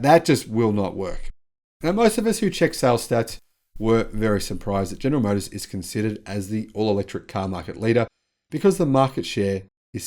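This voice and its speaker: A man's voice: fairly low pitch, a little mellow. A man hosting a news commentary vlog, chatty and sarcastic as he reacts to the news. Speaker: channel host.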